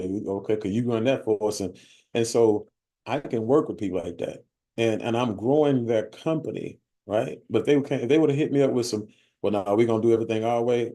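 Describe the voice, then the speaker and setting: A man's voice: fairly low pitch, dark tone. A man giving a motivational sales talk to a group, blunt and streetwise, often stumbling over words and checking in with "right?". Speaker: sales team leader speaking at a bootcamp.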